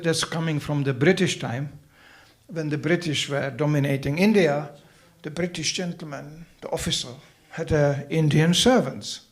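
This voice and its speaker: A man's voice: a little high, creaky. A man giving a festival sermon, telling stories animatedly with acted voices and teasing, humorous asides. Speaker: spiritual teacher.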